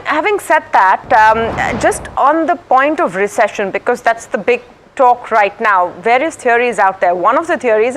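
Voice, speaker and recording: A woman with an Indian English accent presenting live market news as anchor, brisk and fluent with occasional fillers. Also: on the high side.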